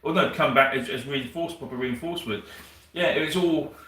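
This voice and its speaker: A man's voice: medium pitch, brisk, a bit bright. A man chatting casually on a livestream, telling rambling stories and swearing freely. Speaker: co-host of a wargaming livestream. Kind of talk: casual chat. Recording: roomy sound from a distant mic.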